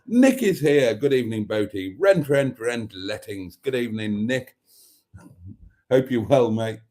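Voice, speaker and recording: A man's voice: medium pitch, animated, unhurried, dark tone. A middle-aged man hosting a casual live stream, reading out viewer comments and teasing them in a chatty way.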